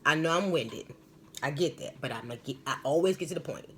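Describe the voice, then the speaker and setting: A woman's voice: low-pitched, expressive, fairly quick, slight background noise. A woman hosting a live stream as a spiritual medium, telling stories and giving advice in a rambling, emphatic, slangy way.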